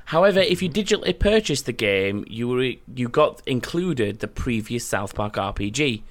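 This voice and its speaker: A man's voice: mid-range voice, lively intonation, moderate pace. A man hosting a quiz podcast, reading out questions and scores and often breaking into laughter. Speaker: quizmaster.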